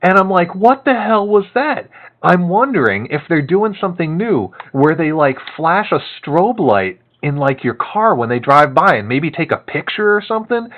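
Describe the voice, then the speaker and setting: A man casually telling a long story to a co-host, animated and laughing often, with many fillers. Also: a little high, moderate pace, few pauses, phone-quality sound.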